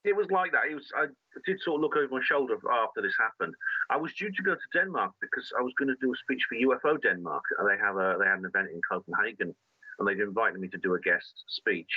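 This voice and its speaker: A man's voice: lowish voice, lively intonation, no echo. Earnest man with a dull lo-fi sound. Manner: earnest, halting with frequent restarts. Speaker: guest. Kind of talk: conversational storytelling.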